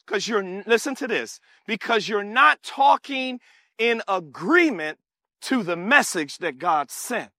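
A male preacher delivers a sermon with animated call-and-response and sudden shouts. His voice is very high and bright, and his pitch rises and falls with great energy. The sound is dry and close. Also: measured pace, no echo.

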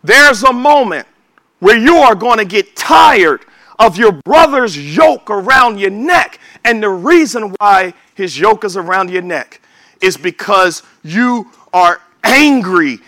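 A man preaching a sermon, emphatic, calling for amens and sometimes shouting. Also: sits high, no room sound. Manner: emphatic, calls for amen, bursts of shouting.

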